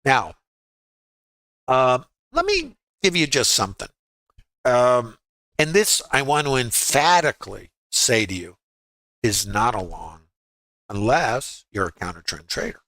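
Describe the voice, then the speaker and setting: With huge pitch swings, this man's mid-range voice sounds pushed and bright, and there's no echo. He's a trading educator running a screen-share lesson over his charts, peppering the listener with brief rhetorical questions.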